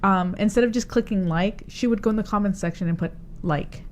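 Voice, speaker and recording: A woman's voice: mid-range voice, fairly quick, slight background noise. A woman hosting a podcast in a radio studio, a chatty storyteller who laughs often. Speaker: podcast host. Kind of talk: casual chat.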